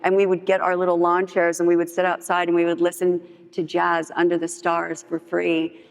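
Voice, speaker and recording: A middle-aged woman telling her personal story at a recovery meeting, animated and acting out what people said to her. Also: on the low side, normal speed, vocal fry. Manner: animated storytelling, acts out quotes. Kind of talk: personal story told to a group. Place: meeting hall. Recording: long reverb of a hall.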